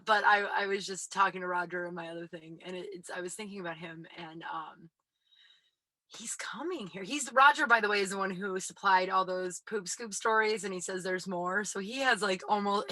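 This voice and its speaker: A woman hosting her own show, talking casually and rambling, breathy and out of breath, recording in a small closet. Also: medium pitch, bright, forceful tone, no room sound, rough recording. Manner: chatty, full of "like" fillers. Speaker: podcast host.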